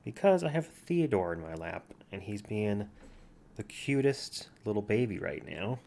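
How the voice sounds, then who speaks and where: A man with a soothing, slightly low voice chats easygoingly at home, sitting a bit back from his computer mic. He plays a word game and talks softly to the cat in his lap now and then. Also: sing-song, a little slow, creaky. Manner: soft, easygoing, chatting to his cat in a babying voice at times. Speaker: vlogger. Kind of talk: casual chat while playing a word game. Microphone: computer mic from farther back than usual.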